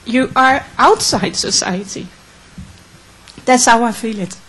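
A woman from the Netherlands, asking an earnest, emotional question at a conference Q&A with many halting restarts. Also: on the high side, a bit bright, husky, low-quality recording. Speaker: audience member asking a question.

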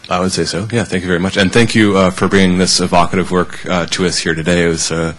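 A man moderating a conference session, formally and politely thanking the speaker, with filler pauses. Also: low-pitched, level tone, a bit bright.

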